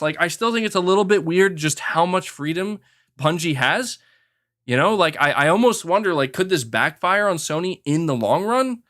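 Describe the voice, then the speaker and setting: A man hosting a gaming podcast, talking in a casual, animated rant and acting out quoted people. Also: high-pitched. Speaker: podcast host.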